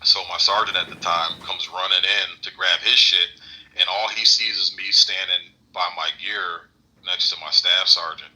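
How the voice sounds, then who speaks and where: A man's voice: deep voice, steady tone, bright, forceful tone, low-quality recording. A man casually telling a profane war story, breaking into laughter as he talks. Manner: laughing, profane, quick asides.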